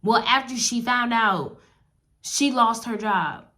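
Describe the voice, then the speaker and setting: A woman with a fairly high voice tells her story in an unhurried, animated way, addressing her viewers directly. It is a casual, heartfelt testimony vlog. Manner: animated, speaks straight to viewers. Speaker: wedding advice vlogger.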